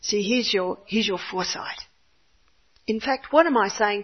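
An older woman with a husky voice tells a faith story in an earnest, expressive way. She speaks as a mother recalling her own homeschool days. The recording sounds a little muffled. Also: mid-range voice, moderate pace. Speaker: homeschooling mother giving a talk.

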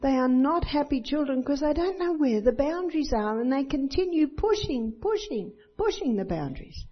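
Speaking at normal speed in a high voice with lively intonation, an older Christian speaker tells personal stories in her sermon and voices children and others. The recording is dull and lo-fi.

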